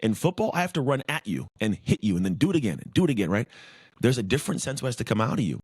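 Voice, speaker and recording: A man's voice: mid-range voice, big pitch swings, rapid-fire, a little mellow, husky, dry recording, studio quality. A man speaking as a podcast guest, former pro football player, talking intensely and emphatically in repeated lists. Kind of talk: casual interview talk.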